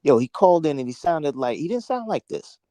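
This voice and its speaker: A man's voice: on the high side, very animated, a little fast, mellow, no echo. A man co-hosting a call-in show, trading stories and mocking impressions in casual banter.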